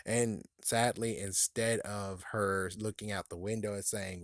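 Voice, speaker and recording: A man giving a casual, animated spoken book review, cursing often and acting out characters' lines in quick bursts. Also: on the low side, no room sound, studio quality.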